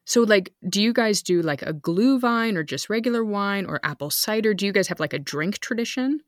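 A woman in her thirties co-hosting a podcast, talking chattily, with quick asides and bursts of speed. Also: medium pitch, expressive, dry recording, clean studio sound. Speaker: podcast co-host. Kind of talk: casual family chat.

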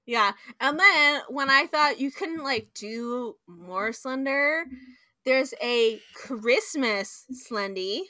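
Speaking slowly in a high, animated voice with a sharp tone, a young woman co-hosts a podcast. Her casual chat features lively storytelling, laughter, and playful sound effects, all captured in clean studio sound with no echo.

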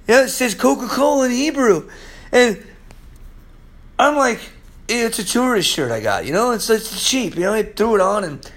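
A man preaching a sermon, telling stories with big swings between loud excitement and hushed, low moments. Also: moderate pace. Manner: animated storytelling preacher, swinging from loud highs to hushed lows. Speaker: pastor.

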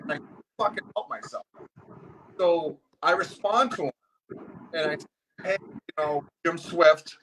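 A man's voice: fairly high pitch, unhurried, pauses often, background noise. A man in casual chat, ranting bluntly and swearing a lot.

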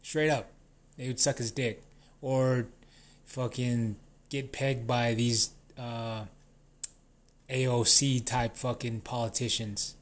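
A man rants in loose, casual speech, cursing nearly every line and doubling back mid-sentence. His voice sits in an ordinary middle pitch, neither deep nor high. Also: flat delivery, slow. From New Mexico. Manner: swears constantly, rambling, restarts sentences. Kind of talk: casual profane rant.

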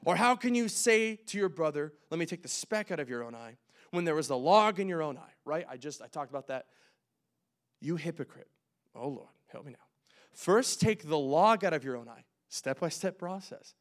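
A young man preaching a casual, conversational sermon, joking and making quick asides as he works through scripture. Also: fairly high pitch, expressive. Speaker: pastor.

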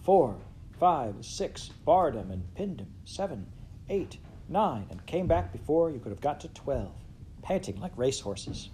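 Expressive male storybook reader. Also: measured pace, a little hiss or hum. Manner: expressive, swings in loudness and pitch. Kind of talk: reading a classic story aloud.

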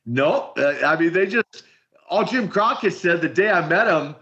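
Man, older, from Minneapolis, animated storytelling, repeats words, slightly high voice, dull lo-fi recording. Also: moderate pace. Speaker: retired wrestler guest. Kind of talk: storytelling interview. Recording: dull lo-fi sound.

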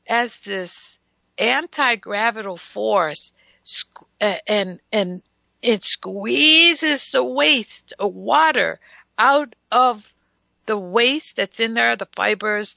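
Slow, gravelly, bright-voiced woman. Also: mid-range voice, dry recording, highs cut off. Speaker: radio health show host. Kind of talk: casual radio health talk.

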